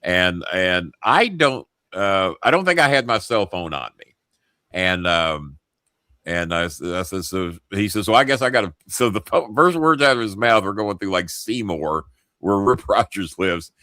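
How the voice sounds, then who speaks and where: A man hosting a talk show, telling a story full of swearing and asides. His voice sits low and comes across forceful and punchy. The sound is dry and close. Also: unhurried, no echo. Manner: profane, animated anecdote-telling. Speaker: show host. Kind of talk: casual storytelling.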